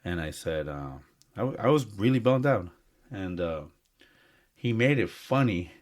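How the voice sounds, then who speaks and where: A man's voice: lowish voice, expressive, a little slow. A man co-hosting a podcast, talking in an earnest, heartfelt and rambling way with lots of fillers. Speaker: podcast co-host. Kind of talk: casual chat.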